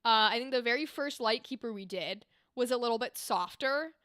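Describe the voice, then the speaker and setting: A young woman voice actor chatting casually on a livestream, animated and explaining with demonstrations. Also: on the high side, moderate pace, smooth, dry recording, studio quality. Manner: animated, talks with her hands, explains with demonstrations. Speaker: streamer and voice actor. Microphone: desk microphone.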